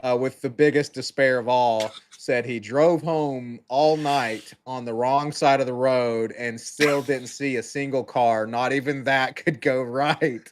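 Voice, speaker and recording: A man's voice: medium pitch, steady tone, measured pace, few pauses, a little hiss or hum. A young man co-hosting a casual sports podcast, laid-back with lots of fillers as he reads out viewer comments. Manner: laid-back, lots of ums and uhs, reading out chat. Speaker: co-host.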